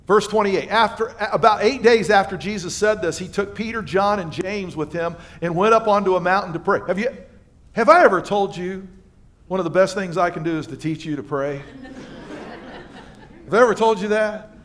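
A male pastor preaching a sermon, reading scripture and bantering with the congregation in an animated way. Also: sits high. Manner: animated preaching with asides and quick exchanges with the congregation. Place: church livestream.

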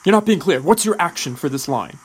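A man doing a pushy acting coach, high and insistent. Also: animated, fairly quick, breathy edge. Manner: insistent, demanding.

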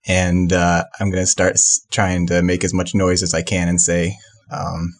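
A man playing in a tabletop game, describing his character's antics in an animated, giggly way. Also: deep voice, normal speed. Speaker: player. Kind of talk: tabletop role-play.

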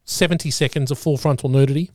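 Dry-sounding, relaxed podcast host. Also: male voice, medium pitch, fast, no room sound. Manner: relaxed, stammering restarts. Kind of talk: casual chat.

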